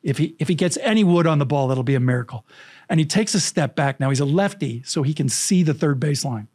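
A middle-aged man spinning animated anecdotes as a podcast guest. His voice sits a little higher than most men's, and he jumps into quoted lines and breaks into frequent laughs. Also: fast, husky. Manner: lively, acts out quotes, laughs often. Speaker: storytelling coach, podcast guest.

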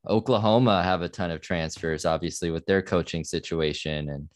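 A man co-hosting a casual sports podcast, speaking in a relaxed, conversational way. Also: sits low, moderate pace, no echo, clean studio sound. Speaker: podcast co-host.

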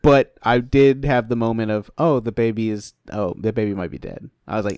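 A man's voice: on the low side, steady tone, fairly quick, a little mellow, clear, resonant tone, dry recording, clean studio sound. A man co-hosting a casual TV recap podcast. He talks hesitantly and chuckles now and then. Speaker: podcast co-host. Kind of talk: casual chat.

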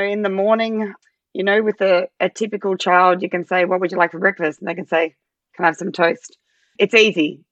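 A woman, a podcast guest, chatting casually and telling animated stories, jumping into a much higher voice when she quotes herself. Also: no room sound, dull audio. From Australia. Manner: animated storytelling, acts out her own quoted lines in a much higher voice. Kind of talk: casual interview chat.

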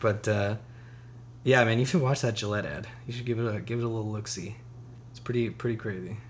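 A man's voice: fairly low pitch, steady tone, fairly quick, a little hiss or hum. A man co-hosting a casual podcast chat, rambling loosely, swearing freely and laughing often. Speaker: podcast co-host.

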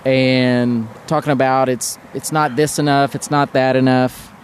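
A man's voice: medium pitch, level tone, unhurried, a little hiss or hum. A man speaking as a brewery guest in a casual podcast conversation, easygoing and hesitant, with many fillers.

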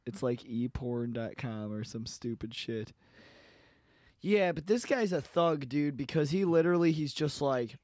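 A man's voice: mid-range voice, lively intonation, unhurried, darkish tone, dry recording, studio quality. A man co-hosting a podcast in casual, crude chat, joking and laughing often with many fillers. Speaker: podcast co-host.

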